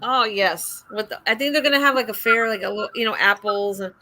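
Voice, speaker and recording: A woman hosting a casual livestream chat, telling a story with lively, acted-out dialogue. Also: medium pitch, fairly quick. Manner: animated storyteller, acts out quoted dialogue. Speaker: livestream host.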